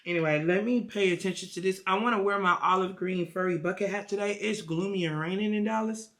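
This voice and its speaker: A woman's voice: mid-range voice, fast talker. A woman vlogger telling a story in a casual, slangy, profane way and chatting about a book. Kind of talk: casual vlog chat and book retelling.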